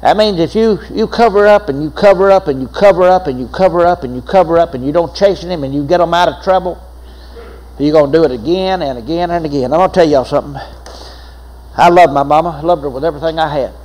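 High-voiced folksy preacher. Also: male voice, fast talker, darkish tone, poor audio. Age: older. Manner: folksy storytelling preacher with laughs and repeated phrases. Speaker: pastor. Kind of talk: sermon.

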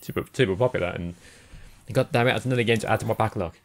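A man's voice: fairly low pitch, rapid-fire. A man co-hosting a gaming podcast, talking casually, laughing often and agreeing with his co-host. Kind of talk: casual chat.

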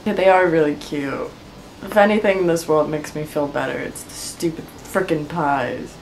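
A woman with a fairly low voice talks casually to camera about her crafts. She sounds unwell and worn out, rambling in a wry, frustrated way and laughing through her complaints. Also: moderate pace, a little mellow, slight background noise. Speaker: clay crafting vlogger.

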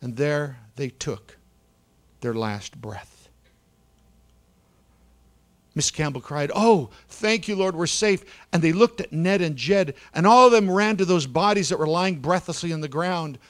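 A slightly high-voiced male preacher, spinning a dramatic tale from the pulpit, his delivery rushing loud and then dropping to a hush. He leans hard into the suspense. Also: lively intonation. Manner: dramatic, swings from loud to hushed. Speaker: pastor. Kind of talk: dramatic storytelling sermon. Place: church sanctuary.

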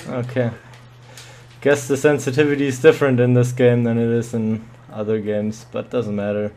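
A man's voice: mid-range voice, level tone, moderate pace, darkish tone. A man commentating his own shooter match live, muttering and swearing with sudden yelps.

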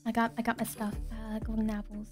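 A young woman giving casual, excitable let's-play commentary, giggling and talking to herself as she plays. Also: on the high side, a little fast, faint music behind. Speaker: gaming video creator.

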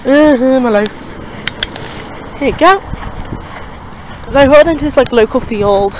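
A woman's voice: measured pace, muffled recording, background noise. A young woman with a Liverpool accent, vlogging casually while walking her dogs outdoors and rambling in a chatty way. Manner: chatty, rambling, talks to her dogs in a high sing-song voice. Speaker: pet vlogger. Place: outdoors in a local field.

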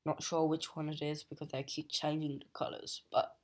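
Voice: medium pitch, level tone, normal speed. A young adult comic book reviewer giving a casual, hesitant plot recap full of fillers. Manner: hesitant, many fillers and "just like".

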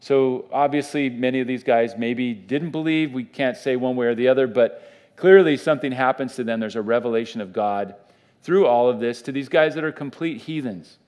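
A man's voice: mid-range voice, normal speed, darkish tone, clean tone. A man, a pastor, giving a conversational Bible teaching in church, with fillers and restarts.

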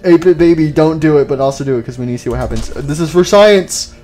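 A young man giving casual, excitable commentary on his own gameplay, with loud outbursts and goofy jokes. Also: a little high, quick pace, faint music behind. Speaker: gaming YouTuber.

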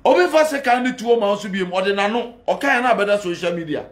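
Ghanaian male pastor, high voice, fiery and defiant, echoey room. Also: expressive, fast. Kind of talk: heated address to critics.

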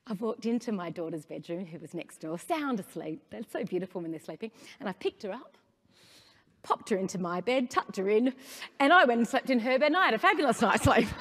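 A middle-aged woman with an Australian accent gives a conference talk, telling stories with energy and asking the audience questions. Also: fairly high pitch. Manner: animated storytelling, asks the audience questions. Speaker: conference speaker. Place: conference hall stage. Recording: long hall reverb.

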